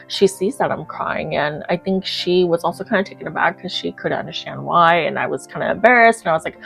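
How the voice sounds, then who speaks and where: A woman narrating her own life story as an author, acting out her past reactions with lively quoted lines. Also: lowish voice, a little fast, vocal fry, hardly any pauses, breathy edge, faint music behind.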